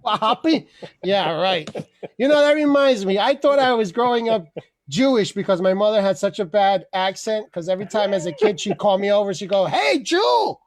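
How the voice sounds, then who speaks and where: A man's voice: high-pitched, fairly quick. A man hosting an online open mic over a video call, rambling through a comic rant, laughing often and swearing freely. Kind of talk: casual comedic rant.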